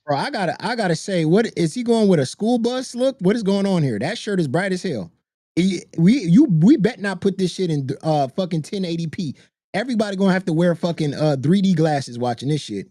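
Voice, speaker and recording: A man's voice: high-pitched, animated, fairly quick, mellow, no echo, studio quality. A man co-hosting a livestream panel, talking casually and ranting with lots of swearing and emphasis. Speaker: co-host.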